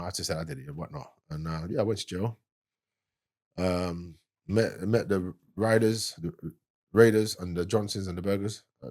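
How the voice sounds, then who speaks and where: A man's voice: sits low, a little mellow, slightly rough. A man with a London accent telling a wild story from his past as a podcast guest, in loose street slang and laughing as he goes. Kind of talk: casual storytelling.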